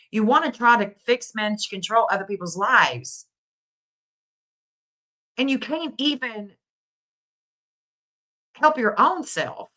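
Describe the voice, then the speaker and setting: Middle-aged woman host, indignant and scolding, slow deliberate delivery, bright edge. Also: on the high side, animated. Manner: indignant, scolding, repeats phrases for emphasis. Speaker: livestream commentator. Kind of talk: emotional commentary livestream.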